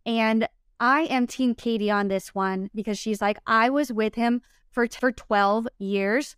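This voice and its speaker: A woman's voice: on the high side, steady tone, a little slow, smooth, no room sound, clean studio sound. A woman co-hosting a podcast, chatting casually, outspoken and emphatic, swearing freely. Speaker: podcast co-host. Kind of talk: casual recap chat.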